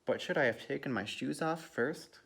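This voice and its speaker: A man reading the lines of a cheerful, literal-minded housekeeper woman in a brisk, matter-of-fact way. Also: mid-range voice, vocal fry, fairly bright tone, a little hiss or hum, pitched above the performer's own voice.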